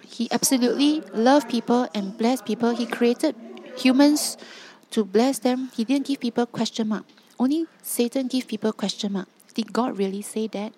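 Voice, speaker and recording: A woman's voice: on the high side, normal speed, dark tone. A woman preaching a sermon, emphatic and driving points home with repeated rhetorical questions.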